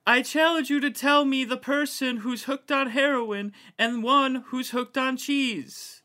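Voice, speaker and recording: Impression: a man playing a booming, raspy city mayor, high and forceful. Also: steady tone, unhurried, exaggerated voice. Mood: emphatic.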